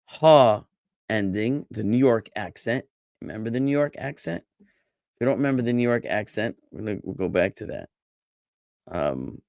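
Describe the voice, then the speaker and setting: A rabbi teaching a Hebrew class over a video call, lively and chatty, joking with his students. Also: lowish voice, gravelly, dry recording, clean studio sound. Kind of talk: online class lecture.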